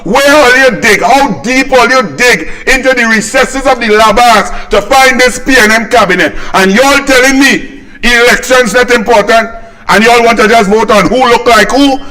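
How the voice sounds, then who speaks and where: Man, Trinidadian accent, middle-aged, very high voice, indignant political ranting. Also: normal speed, sharp tone, poor audio. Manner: indignant, rhetorical, mocking. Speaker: political commentary host. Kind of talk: fiery political commentary.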